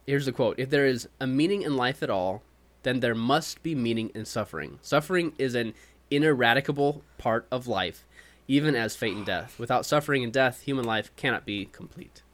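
A man in casual podcast conversation, his voice at an ordinary middle pitch. He talks thoughtfully and circles back to correct himself, then reads a quote in a steady voice. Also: brisk. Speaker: podcast co-host. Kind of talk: casual chat.

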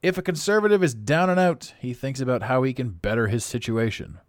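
Fairly quick and animated in pitch, a man hosts his own podcast with a rambling, casual monologue, often breaking into laughter at himself. It's a dry, clean studio recording.

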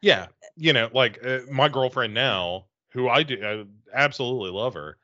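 A man with a bright, forward voice chats easily on a podcast, pausing and hedging his way through thoughts. The sound is dull and dry. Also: mid-range voice, no room sound. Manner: relaxed, hesitant, with fillers. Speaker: podcast co-host. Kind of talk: casual chat.

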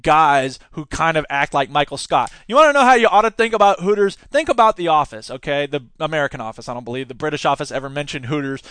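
A man's voice: on the high side, expressive, quick pace, few pauses, a bit bright, clean tone, no echo. A man hosting a podcast, giving casual, sarcastic commentary and laughing often as he talks. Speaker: podcast host; teacher.

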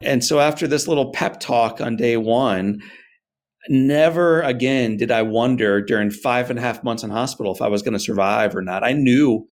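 A man being interviewed, telling a personal story in an earnest, animated way and acting out his parents' words. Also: medium pitch, moderate pace. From United States. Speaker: guest.

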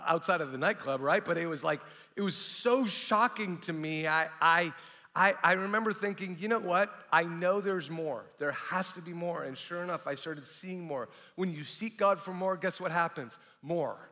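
A middle-aged man, a pastor, preaching with candid, animated storytelling and frequent restarts. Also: fairly high pitch. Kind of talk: sermon with personal testimony. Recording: long reverb of a large hall.

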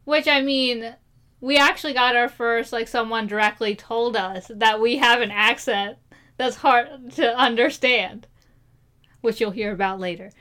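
A woman from Maryland co-hosting a podcast in casual chat, playful and quick to laugh. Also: fairly high pitch, sharp tone. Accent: Maryland American. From Maryland, USA. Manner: giggly, playful, quick asides. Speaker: podcast co-host.

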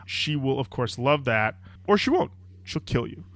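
A man co-hosting a comedy podcast, riffing in a playful mock sales pitch and acting out little scenes. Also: big pitch swings, moderate pace, a bit bright. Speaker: podcast co-host.

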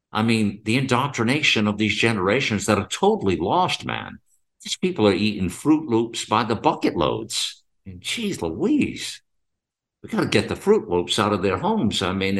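A man's voice: medium pitch, a bit bright. A middle-aged man hosting a commentary monologue, rambling and repeating himself with many rhetorical questions and fillers. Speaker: podcast host.

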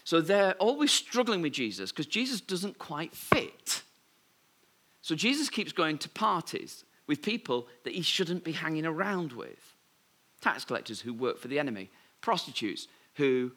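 Male preacher, sermon, bright tone, fairly high voice, humorous storytelling. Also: a little slow. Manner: lively storytelling with humorous asides.

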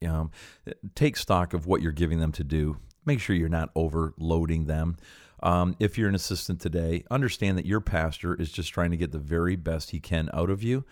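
Deep-voiced earnest male podcast host. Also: normal speed, no room sound, clean studio sound. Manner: earnest, encouraging, many fillers. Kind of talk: casual podcast talk.

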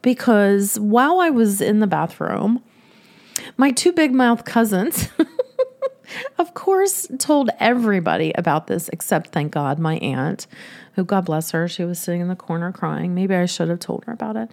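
A woman spins a comic personal tale, her voice sitting at an ordinary middle pitch. She keeps laughing through her own story as she tells it, animated and expressive. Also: moderate pace, vocal fry. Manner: animated, laughs often while telling.

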